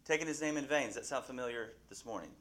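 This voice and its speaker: A man's voice: mid-range voice, quick pace, a bit bright. A man teaching a Bible class, asking his listeners questions and often restarting his sentences.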